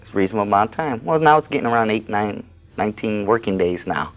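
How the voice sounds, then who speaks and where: A man with a lowish, expressive voice speaks fast, and the recording is muffled. He's an activist guest on a studio interview show, chatting casually and recounting a workplace conflict in a blunt, aggrieved way.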